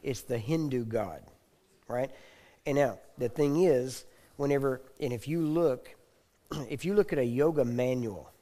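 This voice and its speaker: A man's voice: mid-range voice, measured pace, mellow. A middle-aged man with a Texan accent, teaching a session in a conversational, joking manner and often checking in with the listeners. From Texas. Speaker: ministry teacher.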